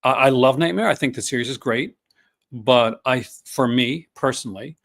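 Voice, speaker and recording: A man's voice: medium pitch, moderate pace, a bit bright. Rambling man in his fifties. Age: 50s. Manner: rambling, many fillers and restarts. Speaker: podcast host. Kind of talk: casual chat.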